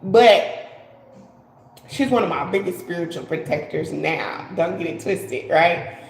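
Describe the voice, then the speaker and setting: A woman's voice: fairly low pitch, lively intonation, a little slow, creaky, echoey room, a little hiss or hum, rough recording. Rambling woman giving a tarot reading. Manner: rambling, repeats herself, lots of "like". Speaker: tarot card reader. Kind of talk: casual live-stream tarot reading.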